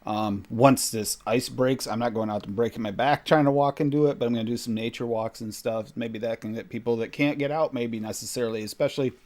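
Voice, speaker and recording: A man's voice: mid-range voice, steady tone, brisk, hardly any pauses, darkish tone. Easygoing American man hosting a chat show. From United States. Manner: easygoing, laughs often, rambling sentences. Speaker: podcast host. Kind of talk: casual chat.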